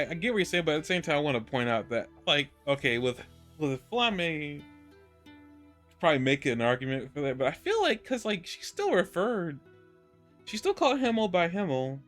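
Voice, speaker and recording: A man's voice: on the high side, a bit bright. Rambling man chatting about anime. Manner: rambling, many restarts, laughs easily. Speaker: podcast co-host. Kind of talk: casual anime review chat.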